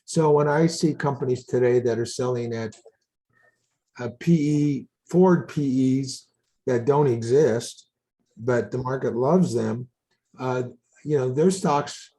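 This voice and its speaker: An older man speaks in a dark, mellow voice, steady and measured. He warns listeners to be careful with their money in the manner of a seasoned co-host. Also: medium pitch. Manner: measured, cautionary. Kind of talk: casual market chat.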